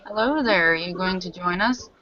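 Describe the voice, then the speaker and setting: A woman's voice: fairly low pitch, normal speed, a little hiss or hum, lightly acted. A woman voicing a friendly young woman in a bar, speaking politely and welcomingly over slightly muffled voice chat audio.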